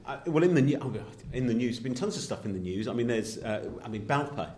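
A man's voice: medium pitch, lively intonation, quick pace, darkish tone, a little hiss or hum. A man co-hosting a podcast in casual, jokey chat, often restarting his sentences. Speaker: podcast co-host.

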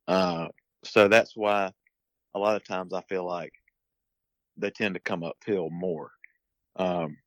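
A man's voice: lowish voice, a bit bright, no room sound, low-quality recording. A man being interviewed as a guest on a podcast, explaining things in a casual, uneven way with restarts and bursts of emphasis. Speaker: podcast guest, turkey hunter.

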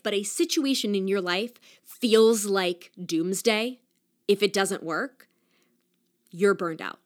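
A young adult woman hosting a solo podcast, talking in an earnest, reflective way with many casual "like" fillers. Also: mid-range voice. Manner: earnest and reflective, talks with her hands, frequent "like" fillers. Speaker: podcast host.

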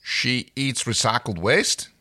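A man's voice: mid-range voice, pushed and bright, no echo, studio quality. A man voicing an exasperated young male astronaut who fires back sarcastic, incredulous replies. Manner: incredulous, defensive, quick comebacks.

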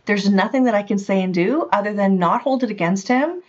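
A woman talks earnestly and openly about raising her child, in an unhurried conversational way. Her voice sits at an ordinary middle pitch. The recording is somewhat dull and lo-fi. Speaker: parent guest on a parenting podcast. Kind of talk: candid conversational chat.

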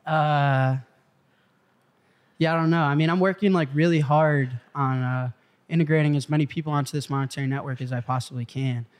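A young man, a startup founder being interviewed, telling a story in an animated way and swearing freely. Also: a little high, fairly quick, smooth. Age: young adult. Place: studio in Malibu.

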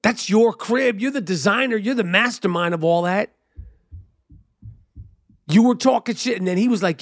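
A middle-aged man hosting a podcast, ranting loudly and profanely. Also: high voice, normal speed, pauses often. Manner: loud, profane, animated ranting. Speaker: podcast host. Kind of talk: profane rant monologue.

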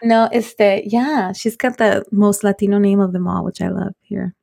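A woman's voice: medium pitch, gravelly. A woman in her forties co-hosting a podcast, telling a story in casual chat and mixing Spanish into her English. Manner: fast, animated, mixes Spanish into English. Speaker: podcast co-host.

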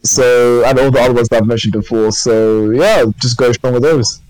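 A man's voice: medium pitch, steady tone, moderate pace, a little mellow, no room sound, poor audio. A man co-hosting a podcast, chatting casually and enthusiastically in a rambling way. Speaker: podcast co-host. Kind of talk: casual chat.

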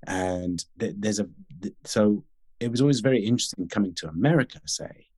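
Guy, lowish voice, talks slow and careful, lots of restarts, dry close sound. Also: a little mellow, husky, dry recording. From Sudan and Britain. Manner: articulate, halting with many restarts. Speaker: guest actor. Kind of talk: reflective interview conversation.

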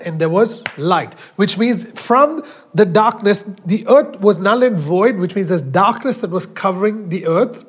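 A man preaching a sermon as pastor, emphatic, slowing down and stretching out key phrases. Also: sits high, lively intonation, breathy edge. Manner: emphatic, drawn-out preaching with slow stressed phrases.

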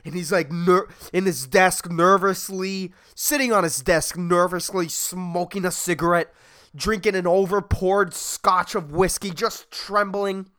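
A man's voice: high voice, steady tone, a little slow, pushed and bright. A man hosting a solo comedy podcast, rambling and swearing, laughing at his own jokes. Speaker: podcast host.

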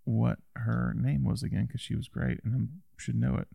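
A man's voice: medium pitch, moderate pace, creaky, husky, no room sound. Chatty Southern American man, dry sound. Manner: chatty, rambling, with animated quoted asides. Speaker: podcast co-host. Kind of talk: casual film discussion.

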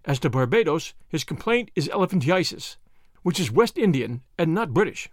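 A man voicing an older male surgeon who quizzes a patient in quick, probing questions to show his students how he reads people. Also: sing-song, husky, no room sound, clean studio sound. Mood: explanatory. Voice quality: high, discordant voice.

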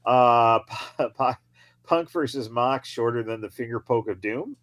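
A man's voice: medium pitch, measured pace, fairly bright tone, no room sound. Mocking man in a dry room. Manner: mocking, laughs through rants, swears. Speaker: podcast co-host. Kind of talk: casual wrestling commentary.

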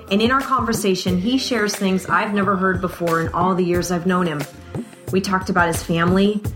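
Woman reading a podcast intro over music. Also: fairly low pitch. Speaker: podcast host. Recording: voice-over with clear background music.

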